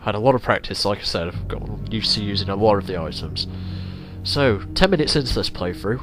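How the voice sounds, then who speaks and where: A man with a fairly low voice, talking a little fast, hosts a let's play, rambling chattily over game music and swearing often and with gusto.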